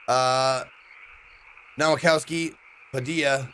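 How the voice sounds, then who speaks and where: A young man streams a narrative game, chatting loosely and reading its on-screen text aloud as he goes. His voice sits a little higher than most men's. A faint hiss lies under the recording. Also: lively intonation, normal speed, pushed and bright. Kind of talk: casual let's-play commentary.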